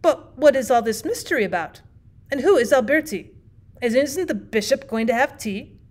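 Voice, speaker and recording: A pompous gentleman, as a woman reader puts him on, stammers his way through indignant outbursts. His voice jumps high and grows loud when shocked, with slow, weighty words. It sounds like a storybook reading. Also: expressive. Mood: alarmed. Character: flustered pompous middle-aged English gentleman host.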